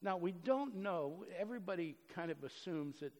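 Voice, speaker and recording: Pastor, male, high voice, earnest sermon delivery with loud and hushed stretches, church hall reverb. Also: animated, normal speed. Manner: earnest, swings from loud emphasis to soft and low.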